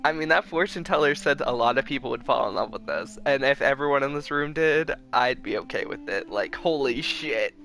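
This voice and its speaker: Rambling young man, bright voice. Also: mid-range voice, brisk, gravelly, hardly any pauses, soft background music. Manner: rambling, excitable, full of fillers. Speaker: streamer. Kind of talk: casual gameplay commentary.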